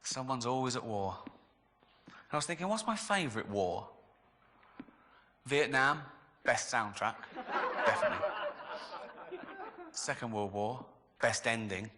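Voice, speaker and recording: A man's voice: mid-range voice, animated, unhurried, long pauses, bright, forceful tone, big-room sound, a little hiss or hum. A man with an English accent doing a stand-up comedy set, dry and sardonic, chuckling at his own jokes. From England.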